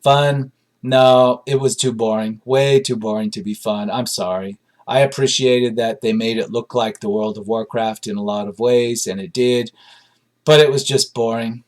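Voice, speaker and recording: A man's voice: lowish voice, fairly even intonation, normal speed. A man giving a casual spoken film review, rambling and dry, with frequent ums and side remarks.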